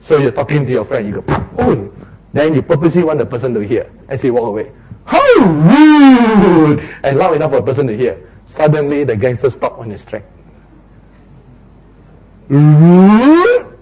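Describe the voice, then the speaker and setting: A man's voice: mid-range voice, quick pace, dark tone, husky, poor audio. A man, preaching a sermon and acting out little street quarrels in raised voices.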